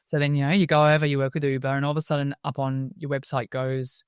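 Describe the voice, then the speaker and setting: An Australian woman, a guest in an interview, telling her story in a lively way and acting out the voices of people she quotes. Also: a bass voice, fast talker, clean tone, dry recording, studio quality. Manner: lively storyteller who acts out quoted voices and laughs often. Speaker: interview guest, wellbeing speaker.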